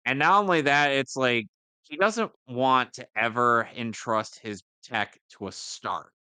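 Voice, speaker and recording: A man's voice: mid-range voice, unhurried, bright, forceful tone, smooth, no echo. A man co-hosting a casual reaction podcast, chatty and explaining plot details at length. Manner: chatty, explains at length, agrees with lots of yeah. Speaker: podcast co-host.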